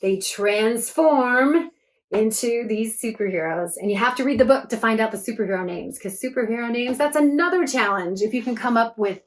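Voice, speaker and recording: A woman's voice: a little high, normal speed. A woman author reading her book aloud to children, chatty and enthusiastic between passages.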